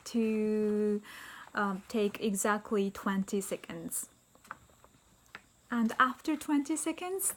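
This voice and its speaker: A woman teacher explaining an interview test to tutors, reading sample passages aloud in a careful, instructional way. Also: fairly high pitch. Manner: slow, careful, reads example passages aloud. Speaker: English teacher briefing tutors. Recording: faint background noise.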